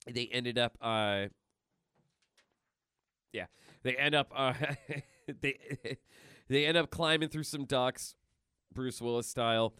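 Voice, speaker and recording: A man co-hosting a casual podcast, talking excitedly and rambling with many fillers. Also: mid-range voice, slow pace, pauses often, clean tone, no echo. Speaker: podcast co-host. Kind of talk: casual chat.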